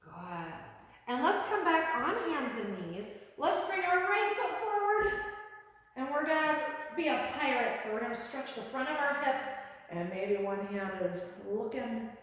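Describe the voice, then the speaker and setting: A woman's voice: sits high, big pitch swings, normal speed, fairly bright tone. A woman leading a yoga class for children in her studio, playful and encouraging with a sing-song delivery. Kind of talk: guided yoga instruction for kids. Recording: echoey studio with long reverb.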